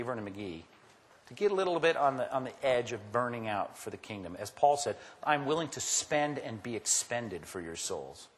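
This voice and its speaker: Animated preacher in a reverberant hall. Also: male voice. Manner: animated, acts out quoted voices with big pitch jumps. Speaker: pastor. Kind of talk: sermon.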